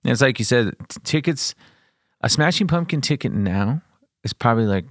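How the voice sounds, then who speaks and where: A man's voice: medium pitch, normal speed, no echo, studio quality. A man in his forties from El Paso, telling a story in casual podcast chat, swearing often and acting out the voices in his quotes. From El Paso, Texas. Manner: profane, animated storyteller, acts out quotes.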